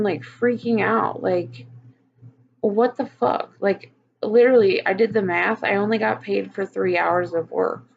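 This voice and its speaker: A woman with a gravelly edge to her voice, venting openly in a personal vlog and swearing freely. The recording sounds a bit muffled. Faint hiss sits underneath. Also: mid-range voice. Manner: frank, swears often, venting. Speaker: vlogger.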